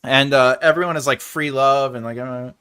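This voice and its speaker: A man's voice: medium pitch, fairly even intonation, moderate pace, pushed and bright, clean tone. A man hosting a casual live stream for a writing channel, chatting with viewers in a playful, rambling way and repeating phrases for fun. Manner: chats to live viewers and reads their comments. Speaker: livestream host for a writing channel.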